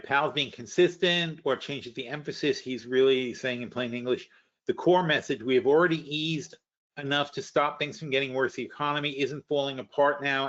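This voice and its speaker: A man's voice: mid-range voice, a bit bright, highs cut off. A man hosting a live webinar, commenting casually and bluntly on markets, thinking aloud with trailing, restarted sentences and the odd curse. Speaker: webinar host.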